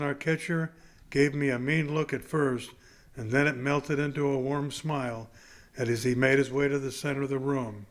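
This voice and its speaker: A man narrates a novel chapter aloud in a plain, unhurried delivery. His voice sits at an ordinary middle pitch. He reads the scene straight, without putting on any show. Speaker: audiobook reader.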